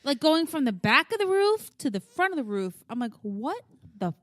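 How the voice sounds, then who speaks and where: A woman in her thirties co-hosting a podcast, chiming in with quick agreement, laughs and swearing. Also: high voice, very animated, no room sound. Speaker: podcast co-host. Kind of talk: casual chat.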